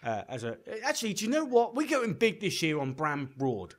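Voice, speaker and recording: A man's voice: a little high, wildly swooping pitch, brisk. A man co-hosting a video game podcast in casual, teasing banter. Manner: teasing, playful. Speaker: podcast co-host.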